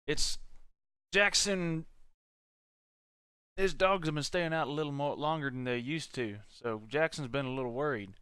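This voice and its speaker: A man's voice: fairly high pitch, moderate pace, long pauses, clean tone, no echo, studio quality. A man voicing a friendly rural hunter with a Southern accent, giving plain advice. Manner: folksy, relaxed, gives plain advice. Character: easygoing rural hunter man, helpful guide.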